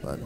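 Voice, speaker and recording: A man in his thirties from Buffalo, New York, giving a personal testimony in church with a wry, conversational storytelling manner. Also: noisy background. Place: church sanctuary.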